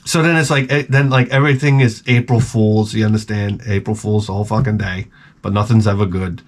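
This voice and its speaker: A middle-aged man hosting his own channel, telling rambling, profane stories in a casual, animated way. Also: fairly low pitch, a little fast. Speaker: channel host. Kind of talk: casual storytelling to camera.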